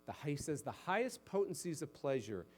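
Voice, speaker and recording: A male pastor preaching a sermon who climbs to loud, emphatic exhortation and then drops low and soft. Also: very animated, moderate pace, soft background music.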